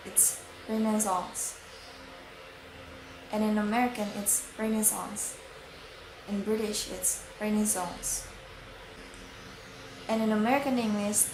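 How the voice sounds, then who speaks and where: A young woman student presenting pronunciation examples, slowly contrasting word pairs one after another. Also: mid-range voice, roomy sound, noisy background. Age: young adult. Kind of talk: reading a class presentation.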